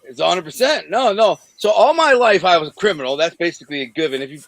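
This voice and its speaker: A man in his forties from Detroit, bluntly telling rough stories in an interview over a video call, rambling with many restarts. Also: high voice, expressive, fast, a bit bright, dry recording, low-quality recording. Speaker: interview guest. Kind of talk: candid storytelling in an interview.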